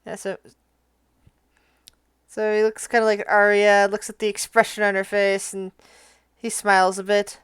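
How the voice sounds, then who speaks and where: Calm woman game master. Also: mid-range voice, normal speed, pauses often, smooth, no room sound. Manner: calm, directing the players. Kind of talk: narrating a tabletop game.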